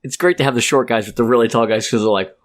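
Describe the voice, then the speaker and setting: A man co-hosting a podcast, throwing in jokes and quick banter during casual chat. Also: mid-range voice. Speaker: podcast co-host.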